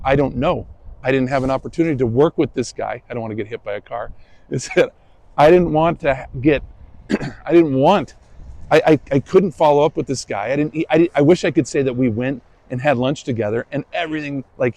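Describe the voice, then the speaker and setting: Gravelly-voiced man preaching a sermon. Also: medium pitch, fairly quick, darkish tone, low-quality recording. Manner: conversational, self-deprecating storytelling. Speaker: pastor. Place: church sanctuary.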